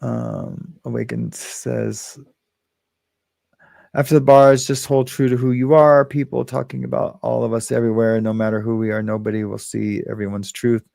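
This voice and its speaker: Male livestream host, gravelly and dry, loose rambling delivery with chuckles. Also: medium pitch, little pitch movement, darkish tone, dry recording. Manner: rambling, chuckling, halting restarts. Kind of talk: casual live chat, reading comments aloud.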